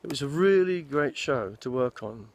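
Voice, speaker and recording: A man's voice: medium pitch, animated, normal speed, darkish tone, no echo. A man in his sixties, an actor casually telling rambling stories of his film career outdoors in a forest. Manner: rambling, meandering storytelling with restarts. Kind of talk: casual anecdotal chat.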